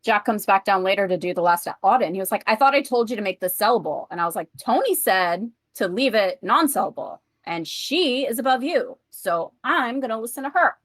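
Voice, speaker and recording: A woman's voice: mid-range voice, expressive, fairly quick, few pauses, no echo. A woman chatting casually with her tabletop group, venting about work, swearing freely and quoting her coworkers in a rush. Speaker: player. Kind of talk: casual chat, telling a work story.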